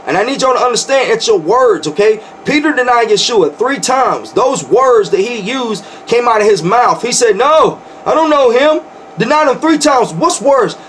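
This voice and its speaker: A man's voice: very high-pitched, expressive, moderate pace, few pauses, fairly bright tone, a little hiss or hum. A man preaching informally as a pastor, fervent and rambling, often repeating words when he gets worked up. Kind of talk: informal preaching to an online audience.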